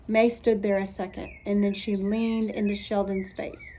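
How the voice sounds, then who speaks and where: A woman teacher reading a children's storybook aloud, expressive and clear. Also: medium pitch, moderate pace, few pauses.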